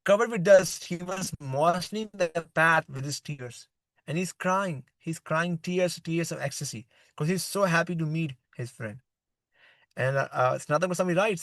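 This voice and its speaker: Man giving a lively scripture class. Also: on the high side, no room sound, low-quality recording. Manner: reads passages aloud, then explains them plainly. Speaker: spiritual teacher. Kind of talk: scripture class, reading and commentary.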